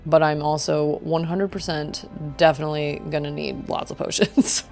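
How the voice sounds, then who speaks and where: Reading game text aloud and reacting as she plays, a young woman gives casual live commentary with game music behind her. She speaks at a moderate pace in a low, slightly mellow voice with fairly even intonation, occasionally passed through a robot filter.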